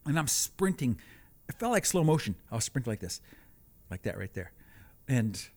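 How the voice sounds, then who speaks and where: A man telling a comic personal story, animated with deadpan asides. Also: medium pitch, normal speed.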